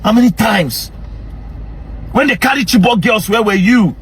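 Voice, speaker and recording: A young man with a Nigerian Pidgin English accent, ranting angrily and confrontationally straight to camera as a social media commentator, often breaking into shouts. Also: sits high, normal speed, pauses often, breathy edge. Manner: angry, confrontational, repeatedly shouting. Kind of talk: heated direct-to-camera rant.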